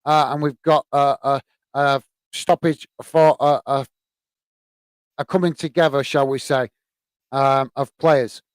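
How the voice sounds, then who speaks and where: Brief: UK man hosting live match chat, smooth voice, dry close mic, halting with fillers. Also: medium pitch, steady tone, no echo. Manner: hesitant, many fillers, friendly. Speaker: host.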